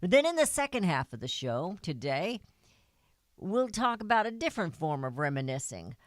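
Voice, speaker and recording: Woman, talk radio host, slightly low voice, earnest and folksy, dry studio mic. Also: very animated, normal speed, dry recording.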